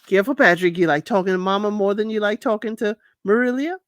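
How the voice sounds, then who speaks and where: A woman hosting a casual reality show recap, animated and laughing often, acting out quotes in high voices. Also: fast, dry recording, clean studio sound.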